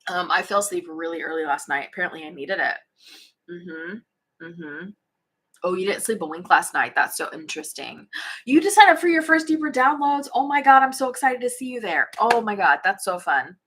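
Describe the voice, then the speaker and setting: A woman hosts a casual livestream from home, reading comments aloud in a bubbly, chatty way. Her voice sits a bit low for a woman, and she yawns often between remarks. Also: lively intonation, normal speed, bright, forceful tone, slight background noise. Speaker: spiritual channel host. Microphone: phone or webcam livestream.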